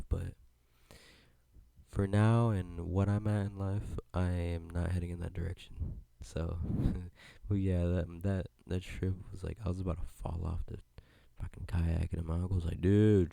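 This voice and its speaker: A man's voice: deep voice, creaky, mellow, no room sound. A young man hosting a solo podcast, rambling in a laid-back way and swearing freely. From United States. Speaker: podcast host. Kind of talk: solo casual podcast chat.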